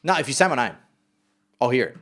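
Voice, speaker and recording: A man's voice: medium pitch, sing-song, quick pace, fairly bright tone. A man hosting a casual podcast, laid-back, laughing easily and swearing casually. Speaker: podcast host.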